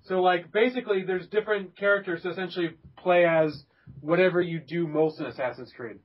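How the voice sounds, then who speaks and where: A man's voice: high voice, fairly quick. A young man hosting a casual gaming podcast, rambling with lots of fillers, restarts and laughs. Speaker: podcast host. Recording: dull lo-fi recording.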